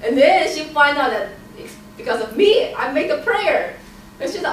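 Woman, high-ish voice, lively storytelling, distant mic, very echoey noisy room. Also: normal speed. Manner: animated storytelling, acting out quoted voices. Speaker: Bible study member sharing a testimony. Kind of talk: casual personal testimony.

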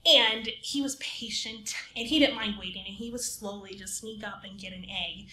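A woman reading a folk tale aloud for children, animated and playful, acting out the characters as she tells it. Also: medium pitch, normal speed, echoey room. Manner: lively, acts out characters in whispers and squeals. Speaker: librarian storyteller.

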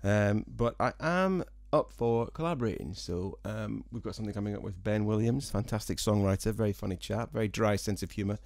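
A singer-songwriter from Scotland, his Scottish accent softened by years in England, rambling to viewers in a casual vlog with dry, self-mocking jokes. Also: on the low side, a little fast, gravelly, hardly any pauses, no echo. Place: small room at home, with a fan.

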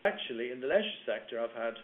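A man's voice: medium pitch, expressive, fast. A man giving a business webinar presentation, talking through slides with fillers and restarts. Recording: tinny phone-line webinar audio.

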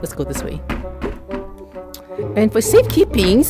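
A woman playing a social VR game, chatting casually, excitable and often shrieking and laughing. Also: mid-range voice, normal speed, over music. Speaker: VRChat player. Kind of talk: casual gaming chat.

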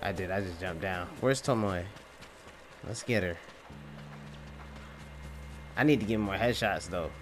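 A man giving let's play commentary, reacting out loud and trash-talking the game. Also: low-pitched, unhurried, pauses often, background noise. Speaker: gaming channel host. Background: game music.

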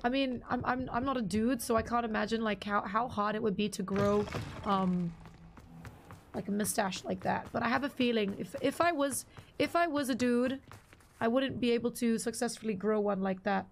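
A young woman chats casually on a live game stream, greeting viewers and reading their messages aloud. Her fairly high voice is partly lost and slightly strained today, though she keeps talking freely. Faint noise sits behind her. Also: moderate pace, vocal fry. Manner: chatty, reads out and greets chat viewers.

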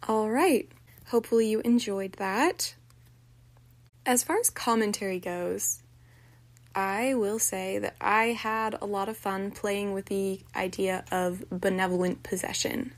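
Slow, measured woman storyteller. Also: mid-range voice. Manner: measured, unhurried reading. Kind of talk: scripted story narration.

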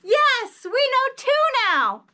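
A woman's voice: very high-pitched, huge pitch swings, takes it slowly, bright, forceful tone. A woman teaching children a phonics lesson in an exaggerated, sing-song teacher voice. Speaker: early reading teacher.

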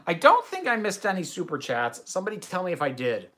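A man's voice: high-pitched, sing-song, fairly quick, few pauses, bright, forceful tone. A young American man hosting a livestream Q&A from his bedroom, reading chat questions aloud and answering them in long tangents. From United States. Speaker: host.

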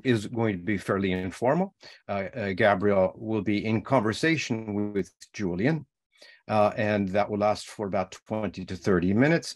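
A man opens an evening talk as host, welcoming the guests and speakers. He is formal but hesitant, with many uhs and restarts. His voice sits low. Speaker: director of education, event host. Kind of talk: formal event introduction.

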